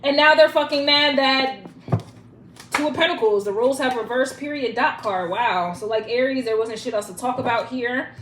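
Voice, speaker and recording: Young woman tarot reader, cursing and playful, higher voice, noisy echoey recording. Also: normal speed. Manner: profane, playful, chanting rhymes. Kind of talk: casual tarot reading. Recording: echoey room with loud noise.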